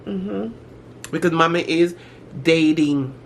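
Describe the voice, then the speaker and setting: A middle-aged woman vlogger chats casually through a storytime, animated and slangy, tossing in dramatic asides. Her voice is low and her pace slow, with a little hiss or hum in the background.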